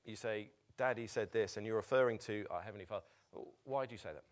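A man preaching a sermon as pastor, animated, laughing easily and breaking off into halting restarts. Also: lowish voice.

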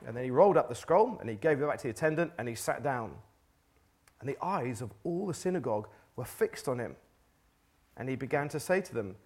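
A man's voice: a little high, big pitch swings, fairly quick, darkish tone. A man preaching a casual sermon, asking the room rhetorical questions and reading scripture aloud. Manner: conversational, rhetorical questions, occasional restarts.

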